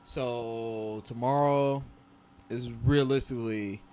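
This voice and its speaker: A man's voice: medium pitch, fairly even intonation, slow, warm tone, a little hiss or hum. Slangy man in casual podcast talk. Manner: loose and slangy, lots of "like" fillers, swears freely. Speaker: podcast co-host.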